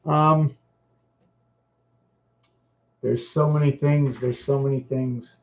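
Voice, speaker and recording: A man's voice: medium pitch, slow pace, pauses often. A man hosting his own casual video, distracted and thinking aloud, repeating himself as he clicks around. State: losing his voice. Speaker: channel host. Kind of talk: rambling casual livestream talk. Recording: dull lo-fi recording.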